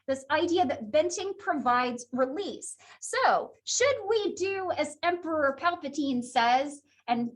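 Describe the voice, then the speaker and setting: A young adult woman lecturing a psychology class in a chatty way, with asides to her students. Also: high voice. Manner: animated, chatty, with asides and laughs. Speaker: psychology instructor.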